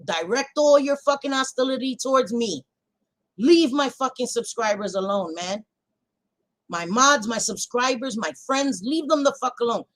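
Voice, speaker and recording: A woman's voice: fairly high pitch, lively intonation, normal speed, low-quality recording. Profane, fiery woman ranting at her chat. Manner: profane, fiery, swings from shouting to quiet. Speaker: livestream host. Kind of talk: heated casual rant to live chat.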